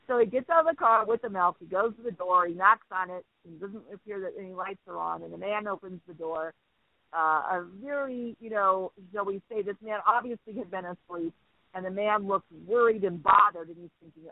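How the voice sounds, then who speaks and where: A man hosting a talk radio show, telling a story with lively acted-out quotes. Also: high-pitched, fairly quick, no room sound. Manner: animated storyteller acting out quotes. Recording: dry tinny phone-like line.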